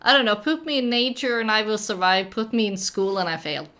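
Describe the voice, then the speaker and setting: A woman's voice: medium pitch, fairly quick, sharp tone. A young woman whose first language is Norwegian, hosting a casual live-stream chat, playful and giggly, with many fillers and restarts. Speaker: stream host.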